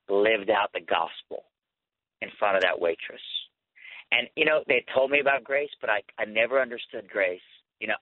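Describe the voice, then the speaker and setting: A man's voice: medium pitch, no room sound. Earnest man over a tinny phone line. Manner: earnest, animated, many fillers and restarts. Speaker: guest. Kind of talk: personal testimony storytelling.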